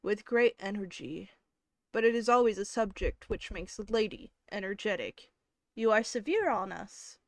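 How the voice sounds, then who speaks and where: A woman voicing a proud, reserved young gentleman in a cool, measured way. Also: medium pitch, lively intonation, no echo, natural voice. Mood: dry.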